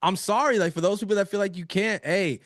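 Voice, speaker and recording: Excitable man on a fan podcast. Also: high voice, fast, no echo, clean studio sound. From United States. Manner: animated, excitable, laughs often. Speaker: co-host. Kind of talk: casual sports podcast chat.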